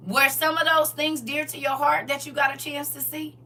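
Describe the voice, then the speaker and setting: Woman doing a live stream, talks right to her viewers, bright voice, a bit far off the mic w/ faint music. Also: high-pitched, normal speed, a little hiss or hum. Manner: expressive, laughs often, talks straight to her viewers. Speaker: livestream host reading viewer comments. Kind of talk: casual live chat with a churchy, testifying tone.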